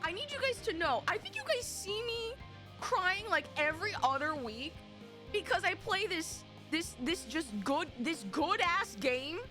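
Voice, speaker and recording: A young woman streamer chatting with her live chat in an excitable, dramatic way, rambling and restarting as she goes. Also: extremely high pitch, a little slow. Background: faint game music.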